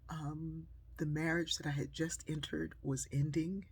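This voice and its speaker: A woman telling a personal story at home, animated and shifting between loud and hushed delivery. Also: deep voice, a little slow, slightly rough. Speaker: storyteller and speaker. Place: at home by a sewing machine.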